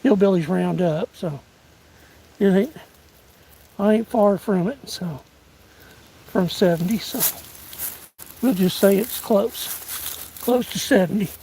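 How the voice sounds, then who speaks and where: An older man in his late sixties speaks with a drawl, his voice high and gravelly. He rambles in a folksy, self-deprecating way while catching his breath outdoors. Faint sounds from the woods play behind him. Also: takes it slowly, long pauses, warm tone, slight background noise, poor audio. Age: 60s. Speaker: vlogger. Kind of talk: casual outdoor livestream chat. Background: outdoor ambience and a passing train.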